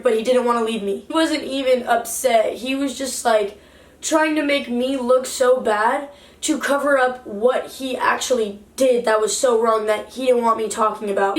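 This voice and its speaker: A young woman vlogger giving a heated, indignant storytime rant to the camera. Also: on the high side. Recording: roomy echo, distant from mic.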